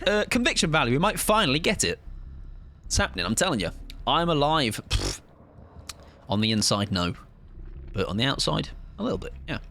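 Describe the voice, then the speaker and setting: A man's voice: mid-range voice, pushed and bright. Joking man streaming a game. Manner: joking, rambling, self-mocking. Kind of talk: live gaming stream chat.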